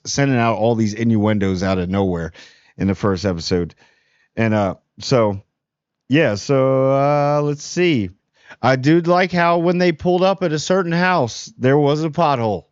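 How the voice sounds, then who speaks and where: Unhurried but blunt, a New Jersey man who hosts TV reviews talks casually through spoilers for a show. His pitch stays mid-range yet leaps around when he gets fired up, and his animated delivery is full of restarts. There's no room sound in the dry, slightly dull recording.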